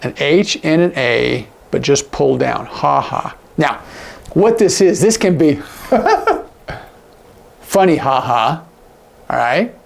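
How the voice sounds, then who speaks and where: A man teaching sign language in a casual, animated way, acting out example lines with big jumps in his voice. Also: medium pitch, takes it slowly, gravelly, pauses often. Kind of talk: casual instructional talk.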